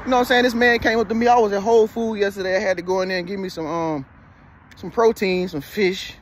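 A man's voice: high-pitched, steady tone, quick pace, slight background noise. A man in his thirties giving casual motivational advice, preachy and repetitive, who keeps checking in with "you feel me.". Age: 30s. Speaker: motivational vlogger.

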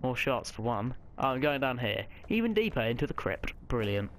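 Chatty, swearing man reacting loudly to a game, mid-range voice. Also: medium pitch, very animated, moderate pace. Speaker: let's play gamer. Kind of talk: casual gameplay commentary. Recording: noticeable background noise.

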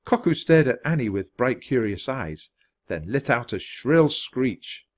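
A man reading a children's chapter book aloud with expressive storytelling. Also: medium pitch, a little slow. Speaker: storybook reader.

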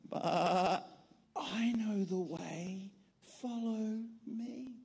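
A woman voicing a small, quiet lamb who calmly offers to lead the way, in a storybook telling. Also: mid-range voice, extremely slow, creaky, husky, full character voice. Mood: quiet, gentle. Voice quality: soft and hushed. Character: small timid lamb, calm and sure. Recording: long church hall reverb.

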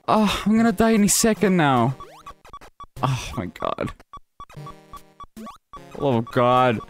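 A man's voice: mid-range voice, sing-song, slow, long pauses, soft background music. A man commentating his own gameplay, often frustrated, swearing and laughing at himself, sometimes pleading with the game. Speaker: gaming channel host. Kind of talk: live let's play commentary.

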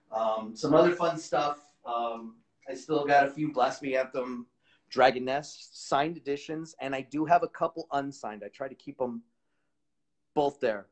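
A man hosting a live shopping stream, chatting casually with viewers in an upbeat way and pitching items for sale.

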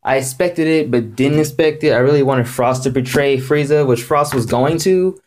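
A man giving a casual rant-style video review, excitable and rambling, repeating himself and jumping up in pitch when worked up. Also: moderate pace, a little hiss or hum. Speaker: anime reviewer.

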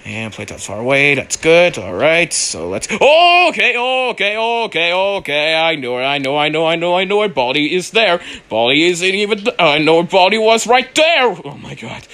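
A man's voice: a little high, lively intonation, moderate pace, few pauses, bright, forceful tone. A young man giving let's play commentary on a horror game, panicky and pleading, repeating phrases over and over. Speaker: gamer playing a horror game.

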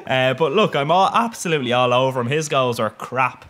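A man's voice: medium pitch, sing-song, normal speed, a bit bright. Young man, cheeky, sweary, laughs a lot, casual game commentary. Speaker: gaming commentator.

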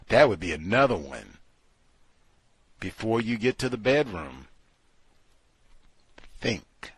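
A man hosting a talk show with an animated, sardonic delivery that swings widely in pitch. His voice is husky yet forceful, recorded dry and close. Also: slow pace, long pauses, no echo. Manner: animated, sardonic, conversational with fillers. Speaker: radio show host. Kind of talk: casual talk-show commentary.

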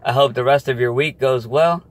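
A man who is a vlogger, telling a story in a casual, animated way and laughing as he goes. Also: medium pitch, moderate pace.

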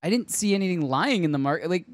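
A man's voice: high voice, fast, no echo. A man hosting a pop culture podcast in casual chat, laughing often as he tells stories. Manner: laughs often, animated storytelling. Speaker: podcast host.

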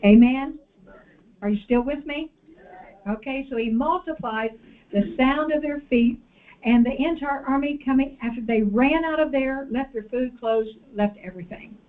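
A woman preacher delivering an animated sermon and calling out to the congregation in a church. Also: high-pitched, moderate pace. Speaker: guest preacher. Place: church sanctuary. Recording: tinny phone-like audio.

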